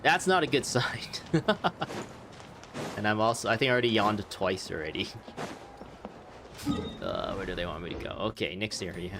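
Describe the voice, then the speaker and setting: A man's voice: lowish voice, moderate pace, pauses often, noisy background. A man chatting casually over gameplay, rambling and laughing often. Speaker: game streamer. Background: game audio.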